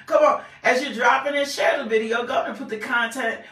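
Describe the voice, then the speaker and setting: A woman's voice: high-pitched, steady tone, fairly quick, a bit bright. Woman hosting a live stream, gushing hellos and woo's, kinda far from the mic, echoey room. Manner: effusive, repeats greetings, bursts of whoops and praise. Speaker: host of a live faith talk stream. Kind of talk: exuberant live-stream greetings.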